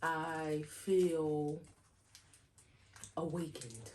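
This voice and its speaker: Mellow low-voiced woman, podcast co-host. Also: drawn-out words, slight background noise. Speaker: podcast co-hostess. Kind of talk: casual chat.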